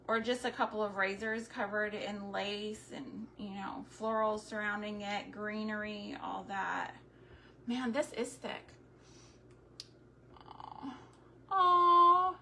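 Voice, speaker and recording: Woman in her forties, slow bright chatty livestream crafter, faint room hiss. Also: on the high side. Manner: chatty, greets viewers by name, thinks aloud. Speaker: homestead DIY livestreamer. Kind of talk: casual livestream chat while crafting.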